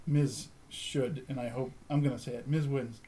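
A relaxed, jokey man chatting casually on a podcast. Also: mid-range voice, normal speed, a little hiss or hum, rough recording. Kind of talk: casual chat.

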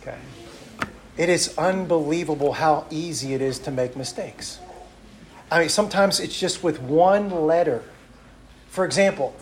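Male missionary preacher, high voice, story-driven sermon, echoey hall. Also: normal speed, a little hiss or hum. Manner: animated, acts out quotes. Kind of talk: sermon with stories.

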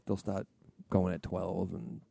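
A man co-hosting a casual podcast, laid-back and halting, often mumbling through his points. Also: sits low, expressive, gravelly, dark tone, no room sound. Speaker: podcast co-host. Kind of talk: casual chat.

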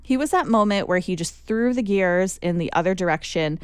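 A woman chatting casually and excitedly about a football final, laughing often and using lots of fillers. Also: lowish voice, moderate pace, clean tone, no room sound.

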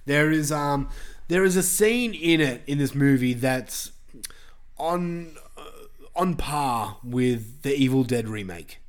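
A man's voice: medium pitch, lively intonation, slow pace. A man hosting a podcast in an easy, casual way. He talks loosely, trips over restarts and fillers, and swears freely. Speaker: podcast host.

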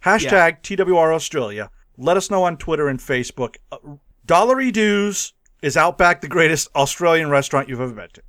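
A man co-hosts a podcast, joking his way through a movie discussion. His voice is high and swoops widely in pitch. The recording is dry and close. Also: fairly quick, no room sound. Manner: animated and jokey. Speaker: podcast co-host.

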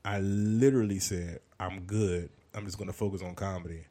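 In a casual podcast monologue, a comedian host with a low voice, fairly even intonation, and dark tone speaks at a moderate pace. He rambles through a jokey catch-up and does impressions of other people.

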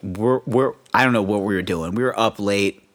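A young man co-hosting a podcast, telling a story in casual chat and breaking into high impressions and bursts of laughter. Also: normal speed. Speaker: podcast co-host.

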